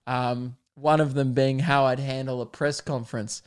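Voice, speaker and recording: A man's voice: medium pitch, little pitch movement, moderate pace, smooth. Fired-up Australian man ranting. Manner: fired-up, profane and self-mocking. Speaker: podcast host. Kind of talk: casual rant.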